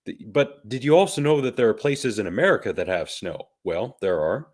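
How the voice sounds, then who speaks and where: A man's voice: on the low side, very animated, fairly quick, darkish tone. A man co-hosting a podcast, chatting in an easygoing, rambling way and telling stories. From Canada. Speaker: podcast co-host. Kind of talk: casual podcast chat.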